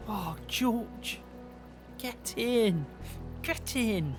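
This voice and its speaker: A young man, chatting in character during a farming game roleplay, friendly and quick to cheer. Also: sits high, lively intonation, music in the background. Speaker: roleplay player. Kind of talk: casual in-character roleplay chat.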